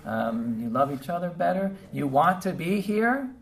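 A man preaching a heartfelt, conversational sermon to his congregation, pausing often with fillers. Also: fairly high pitch, very animated, a crowd in the background. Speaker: pastor. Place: church service. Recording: distant mic with faint background noise.

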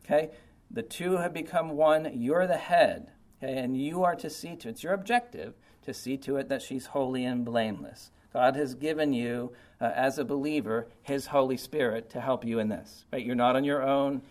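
A man's voice: medium pitch, normal speed, darkish tone. A man preaching a sermon in an informal, conversational way, often checking in with "okay" and "right". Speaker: pastor.

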